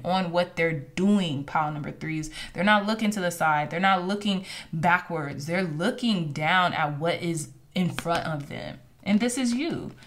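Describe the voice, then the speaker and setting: Woman, tarot reader, low-ish voice, warm earnest spiritual delivery, calls the audience y'all. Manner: earnest, emotional, addresses viewers as y'all. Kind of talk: pick-a-card tarot reading.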